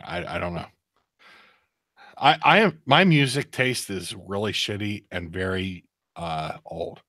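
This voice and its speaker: A man's voice: expressive, measured pace, bright, forceful tone, dry recording, clean studio sound. A man co-hosting a casual live beer review podcast, chatty and prone to hard laughing fits. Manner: laughs hard, high giggly outbursts.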